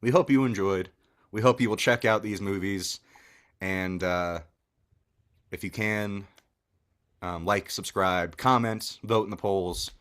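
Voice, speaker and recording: A man's voice: on the low side, slow pace, pauses often. A man co-hosting a movie podcast, chatting casually and wrapping up the episode. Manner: relaxed, wraps up the show. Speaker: podcast co-host. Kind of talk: casual chat.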